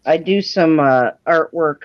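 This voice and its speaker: A woman's voice: low voice, unhurried, a little hiss or hum. Folksy chatty woman on a lo-fi stream. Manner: chatty, folksy, self-deprecating. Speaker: artist and livestream guest. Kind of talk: casual livestream chat. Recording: dry, dull lo-fi stream audio.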